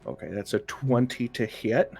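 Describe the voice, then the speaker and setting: A man playing a character in a tabletop game, declaring his actions in a lively, joking way. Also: mid-range voice, normal speed, creaky, slightly rough, faint music behind. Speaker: player. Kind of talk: casual tabletop play.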